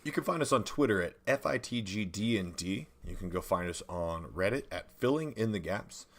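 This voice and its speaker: A man's voice: fairly low pitch, animated, brisk. A man co-hosting a tabletop gaming podcast, chatting casually and reading out where to find the show. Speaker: podcast co-host. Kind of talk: casual chat.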